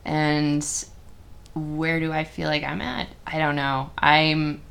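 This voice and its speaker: A woman guest on a comedy podcast, talking loosely and laughing between thoughts. Her voice sits a little low for a woman, and her sentences wander with fillers and restarts. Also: little pitch movement, slow, gravelly, a bit bright. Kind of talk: casual podcast chat.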